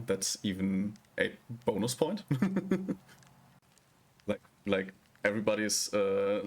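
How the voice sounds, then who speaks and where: A male streamer talks slowly and casually with his viewers, his lowish voice full of gravelly fry. He rambles and hesitates as he picks his words. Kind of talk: casual live-stream chat.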